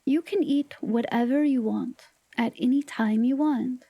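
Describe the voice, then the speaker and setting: A woman's voice: high-pitched, unhurried, dark tone, no room sound. A woman livestreamer chatting casually with her viewers, playful and teasing, sometimes dropping into whispered asides. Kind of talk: casual live-stream chat with viewers.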